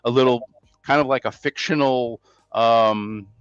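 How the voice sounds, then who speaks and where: A man's voice: mid-range voice, steady tone, unhurried, clean tone, no echo. A man hosting a casual podcast chat, talking in a hesitant way with many restarts. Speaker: podcast host. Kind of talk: casual conversation. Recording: dry, muffled mic sound.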